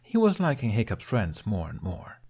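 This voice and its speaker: A man narrating a fan fiction audiobook in a lively storytelling manner. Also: lowish voice, normal speed, husky. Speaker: podfic reader.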